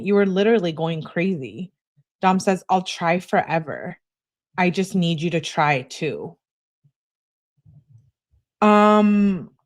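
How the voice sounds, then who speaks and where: A young adult woman hosting a casual livestream, reading text messages aloud and chatting with viewers between them. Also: lowish voice. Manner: reads messages aloud, interjects reactions to chat.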